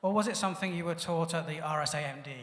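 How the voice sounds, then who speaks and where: A man with a higher, bright voice moderating a panel and reading out questions in a brisk, upbeat way. The sound is a large hall with a long echo. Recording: echoey hall, live event.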